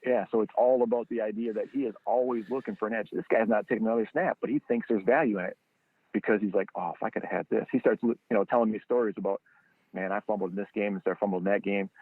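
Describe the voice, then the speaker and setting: A man telling a story as a guest on a podcast. He acts out the people he quotes with sudden high jumps in his voice. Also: steady tone, quick pace, no echo. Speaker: guest, training football founder. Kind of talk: animated storytelling. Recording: dry, tinny phone-line sound.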